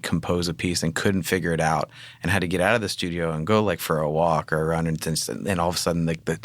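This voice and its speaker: A man's voice: low-pitched, fairly bright tone, dry recording. A man co-hosting a podcast, talking in a reflective, musing way in casual conversation. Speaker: podcast co-host.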